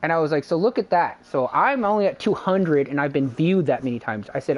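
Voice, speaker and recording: A man's voice: fairly high pitch, sing-song, brisk, hardly any pauses, highs cut off. Guy streaming games, just rambling and retelling some beef, lots of "and i was like", swears a bunch. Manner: rambling, retells a dispute with lots of quoted back-and-forth; swears casually. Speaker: game streamer. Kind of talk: casual live-stream chat.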